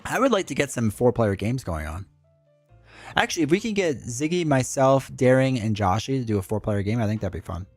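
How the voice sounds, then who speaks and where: A man's voice: mid-range voice, big pitch swings, brisk, dry recording, soft background music. A man streaming live, chatting casually and answering his chat in a rambling way.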